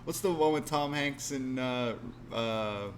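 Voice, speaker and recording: A man's voice: medium pitch, takes it slowly, slight background noise. A man co-hosting a live wrestling review stream, recapping the episode in casual chat and acting out the characters' lines in goofy voices. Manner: animated, acts out quotes in silly voices. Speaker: podcast co-host.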